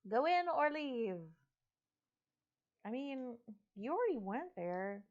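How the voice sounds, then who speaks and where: A woman co-host with a higher, very lively voice that swoops around as she jokes and reads out viewer comments. Her audio is dull and lo-fi, like a home stream mic. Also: slow pace. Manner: bubbly, joking, relaying viewer comments. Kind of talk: casual chat on a livestream.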